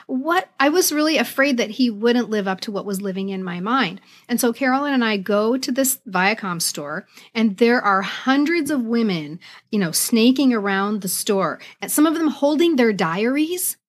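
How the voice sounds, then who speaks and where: Higher-voiced woman telling a chatty story. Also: lively intonation, normal speed. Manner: chatty storyteller, acts out her own past thoughts. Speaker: podcast co-host. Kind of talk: casual chat.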